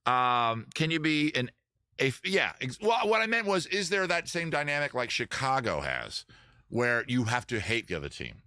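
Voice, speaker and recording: Bright-voiced rambling stream host, man. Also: medium pitch, sing-song, normal speed, no room sound, studio quality. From Maryland, USA. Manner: rambling, self-correcting, jokey; reads and answers viewer chat. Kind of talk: casual live-stream chat.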